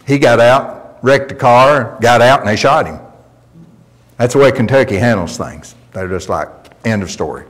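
In a church sanctuary, a male pastor preaches a sermon full of folksy stories, delivered emphatically. His voice is medium-pitched and fairly bright, moving at a moderate pace, with the long reverb of a church hall.

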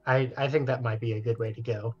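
A man's voice: mid-range voice, fairly even intonation, quick pace, husky, lo-fi sound. Hesitant man playing a tabletop game. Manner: hesitant, full of "like" and "um". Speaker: player. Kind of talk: casual tabletop game play.

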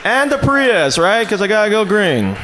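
A man's voice: sits high, very animated, moderate pace. A man doing a stand-up comedy set on a club stage into a handheld mic. He talks in a loose, chatty way and keeps saying "man" and "you know". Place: comedy club stage before a live audience. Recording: live club recording with audience laughter and noise.

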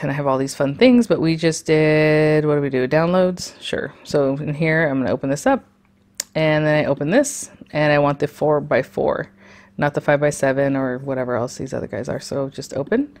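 A woman hosting an embroidery tutorial, walking through software on her screen in a chatty, rambling way with lots of fillers and small laughs. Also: deep voice, steady tone, moderate pace. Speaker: sewing and embroidery tutorial host. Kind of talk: casual screen-share tutorial.

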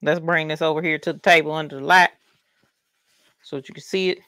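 A woman's voice: low voice, steady tone, brisk, pushed and bright. A woman with a Southern US country accent, chatting folksily while hosting a craft livestream. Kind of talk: casual livestream chat.

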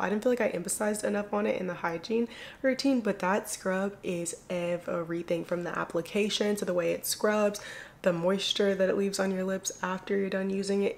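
A young woman chatting casually to the camera as a beauty vlogger, loose and slangy, full of "like" and "y'all". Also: mid-range voice. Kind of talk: casual get-ready-with-me chat.

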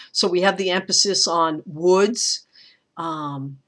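A woman teacher giving a recorded lecture, talking in a thoughtful, unhurried way with frequent pauses and restarts. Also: low voice, steady tone, fairly bright tone.

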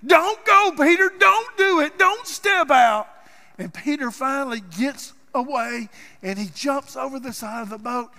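A man preaching a sermon as pastor, telling a story dramatically and swinging from loud passages to hushed ones. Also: extremely high pitch. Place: church sanctuary. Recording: church hall with long reverb.

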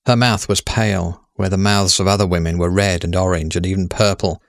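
A man narrating a story in a measured, steady way. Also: deep voice, no echo, studio quality.

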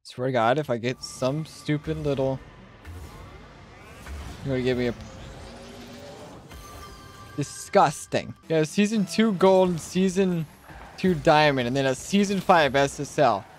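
A young man streaming a car-soccer game, joking and trash-talking, then shouting and squealing at big plays. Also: fairly high pitch, animated, a little slow, pauses often, faint music behind. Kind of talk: live gaming commentary.

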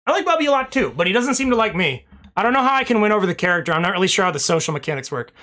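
A man's voice: sits high, sing-song, very fast, sharp tone. A young man streaming, rambling casually through thank-yous to his chat and swearing now and then, a little out of breath.

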